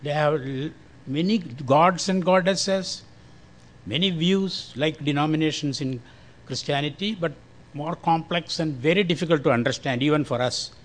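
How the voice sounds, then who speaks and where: An older man from India with a Malayalam-influenced Indian accent, giving a slow, careful church testimony. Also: on the high side. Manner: slow, careful, friendly with short laughs. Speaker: guest speaker giving testimony.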